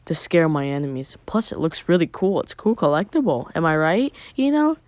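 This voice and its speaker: A man's voice: fairly high pitch, very animated, brisk, dry recording. A man voicing a brooding young male ninja in a fan story, offhand and curt. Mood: casual.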